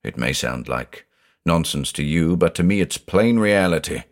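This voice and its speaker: A man's voice: low-pitched, animated, measured pace. A man reading a haunted older judge who talks in an intense, growling, confessional way. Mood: anguished. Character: haunted, obsessive older male judge, brooding.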